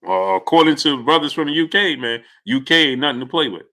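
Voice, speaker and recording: A man hosting a casual live stream, talking in an animated way and greeting viewers by name. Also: a little high, brisk.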